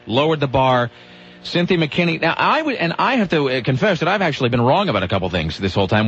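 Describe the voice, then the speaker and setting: A man's voice: mid-range voice, a bit bright. A man hosts a talk radio segment, joking and rambling, restarting his questions often. His voice sits in a middle range. The audio is lo-fi, with a faint hum. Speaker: radio show host.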